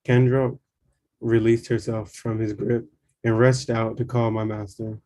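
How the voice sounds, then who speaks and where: A man reading a spiritual memoir aloud in a calm, measured way. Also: medium pitch. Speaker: reader.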